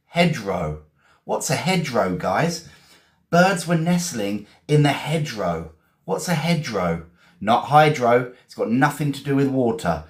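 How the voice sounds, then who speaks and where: A man's voice: mid-range voice, very animated, measured pace. A man from England, teaching vocabulary on a live stream, spelling words out and praising learners. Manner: encouraging, repeats and spells words. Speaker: English teacher.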